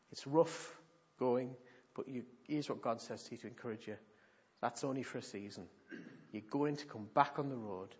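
A man's voice: mid-range voice, slightly rough. A man preaching in church, a pastor telling stories animatedly and repeating points for emphasis. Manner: animated storytelling, emphatic repetition. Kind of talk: sermon teaching. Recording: dull lo-fi recording.

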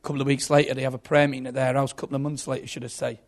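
A man's voice: mid-range voice, very fast. A man preaching a sermon, telling stories with dramatic buildups. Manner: animated storytelling, dramatic buildups.

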